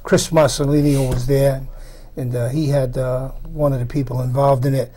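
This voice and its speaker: A man's voice: mid-range voice, level tone, normal speed, mellow, a little hiss or hum. A middle-aged man hosting a casual chat, rambling with lots of fillers and restarts. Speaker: host.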